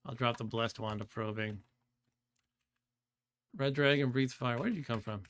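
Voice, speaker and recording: A man's voice: medium pitch, normal speed, a bit bright, slight background noise. A man casually commenting on his own game during a live stream, thinking aloud, trailing off and laughing often. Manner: chatty, laughs often, reads chat aloud. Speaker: streamer playing a computer game.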